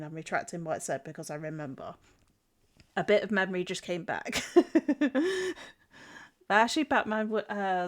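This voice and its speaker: A young woman streaming while she draws. She has a stuffy nose from a cold and chats casually with viewers, giggling often and restarting her sentences. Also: lowish voice. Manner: chatty, giggly, answers chat, frequent restarts. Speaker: streamer and artist. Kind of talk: casual live-stream chat while drawing.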